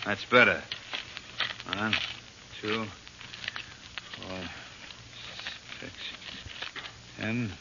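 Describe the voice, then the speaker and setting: An actor playing a greedy, nervous crook in a 1940s radio drama. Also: male voice, lowish voice, fairly even intonation, very slow, vocal fry, pauses often, heavy background noise, full character voice. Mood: tense. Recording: lo-fi old radio recording.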